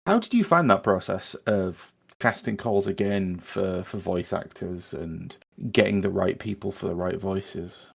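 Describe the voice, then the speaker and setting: Jokey male podcast guest, lowish, raspy and gravelly. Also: unhurried, hardly any pauses. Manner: jokey, laughs while talking. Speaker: podcast cast member asking questions. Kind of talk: casual chat.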